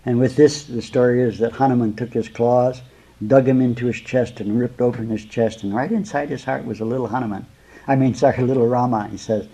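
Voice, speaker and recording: Husky-voiced man giving a slow spiritual talk. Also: medium pitch, steady tone, warm tone, low-quality recording. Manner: slow, rambling, addresses listeners as beloved. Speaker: spiritual teacher.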